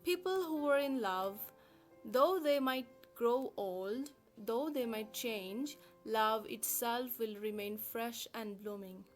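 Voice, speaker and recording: A woman lecturing on a poem in a careful, explanatory way, often pausing with "uh" as she works through her points. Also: a little high, faint music behind. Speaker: literature teacher. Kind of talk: recorded poetry lesson.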